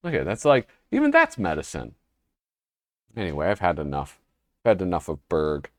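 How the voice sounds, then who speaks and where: A man's voice: low voice, wildly swooping pitch, normal speed, no echo, clean studio sound. A man hosting a casual show, flipping through an old humor magazine and reading the panels aloud with a wry, rambling manner. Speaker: host.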